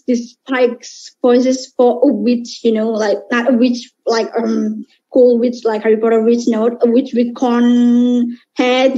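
A shy, soft-spoken woman who dubs cartoons, talking haltingly and searching for words. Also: fairly high pitch, lo-fi sound. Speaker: voice dubber showing her characters.

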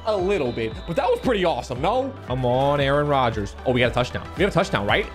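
A young man giving live commentary on his own football video game, animated and chatty with viewers. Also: mid-range voice, fast, over music. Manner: excitable, shouts and laughs at big plays, talks to viewers; animated, talks with his hands.

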